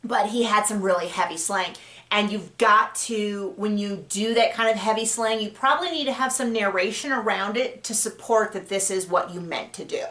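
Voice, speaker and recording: Speaking to camera in a roomy, echoing space, a woman author offers relaxed writing tips, rambling with fillers and correcting herself. Her mid-range voice is pushed and bright, and she talks at a normal speed.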